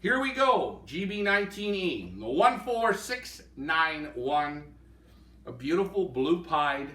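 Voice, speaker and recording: High, bright-voiced man commentating a live auction. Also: very animated, slow. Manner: enthusiastic, appraising birds in hand. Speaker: pigeon handler and auction co-host. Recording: roomy sound from a distance.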